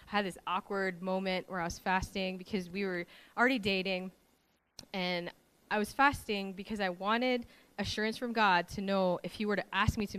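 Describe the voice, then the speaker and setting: A woman from Hawaii giving a personal faith testimony, telling her story in a lively way and acting out the voices she quotes. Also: medium pitch, clean tone.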